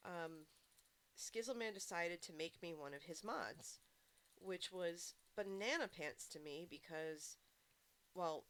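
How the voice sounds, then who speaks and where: A woman's voice: low voice, a bit bright. A woman chatting casually while streaming a game, rambling through stories and answering her chat.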